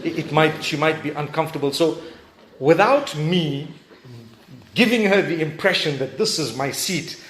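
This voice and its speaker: High-voiced male preacher in an echoey hall. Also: moderate pace. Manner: conversational and animated, with frequent asides to the audience. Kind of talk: storytelling sermon. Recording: echoey hall, faint background noise.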